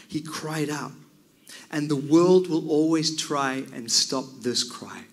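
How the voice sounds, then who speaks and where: A man preaching a sermon, swinging from loud cries down to near whispers. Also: on the high side, slow, creaky.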